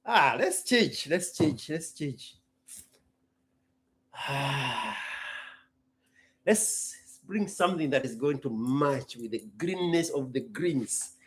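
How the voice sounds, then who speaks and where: A man's voice: mid-range voice, expressive, takes it slowly, pauses often, fairly bright tone, husky. A young man hosting a casual live stream, playful and theatrical, chatting and joking with himself.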